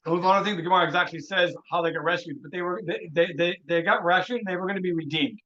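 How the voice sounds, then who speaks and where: A male rabbi with a high, bright voice retells a Talmudic story in an animated lecture. He restarts his phrases often and drops in Hebrew terms as he goes. The recording sounds dull and lo-fi. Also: fast, a little hiss or hum. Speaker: rabbi teaching a workshop.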